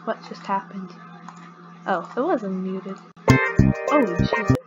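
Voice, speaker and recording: A woman's voice: mid-range voice, expressive, takes it slowly, highs cut off, over loud music. A woman giving casual let's-play commentary, giggling often and chatting to the game's characters.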